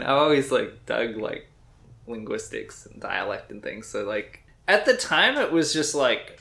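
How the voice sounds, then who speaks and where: A man co-hosting a podcast, chatting casually and rambling with lots of "like" and animated asides. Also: on the low side, moderate pace, gravelly. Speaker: podcast co-host. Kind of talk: casual chat.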